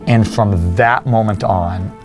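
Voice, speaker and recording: Over music, a young man speaks slowly in a fairly low voice as a fitness coach guesting on a podcast. He earnestly tells his own story in an interview, acting out conversations he remembers.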